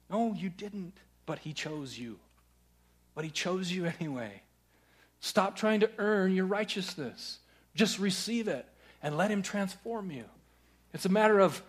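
Preacher guy giving a sermon, kinda high voice, gets loud then goes quiet and searching. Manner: earnest, swings from loud urging to hushed questioning. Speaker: pastor.

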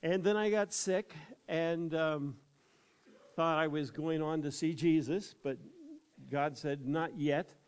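A man's voice: a little high, slow, a little mellow, clear, resonant tone. An older man with an American accent, a pastor preaching a sermon. He tells his story unhurriedly, then builds into emphatic preaching.

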